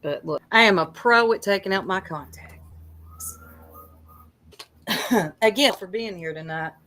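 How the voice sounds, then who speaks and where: A woman's voice: medium pitch, measured pace, a bit bright. A woman co-hosting a livestream, chatty and teasing as she reads the chat aloud. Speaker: livestream co-host.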